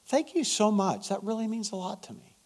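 A woman's voice: medium pitch, fairly quick, darkish tone, pitched above the performer's own voice, lightly acted. A male pastor acting out a young woman at a gas station who turns defensive and accusing in a sermon story. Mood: touched.

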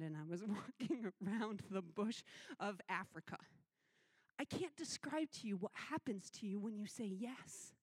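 Animated woman preaching a missions testimony. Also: mid-range voice, no room sound. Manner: animated storytelling, acting out quoted voices. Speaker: youth minister.

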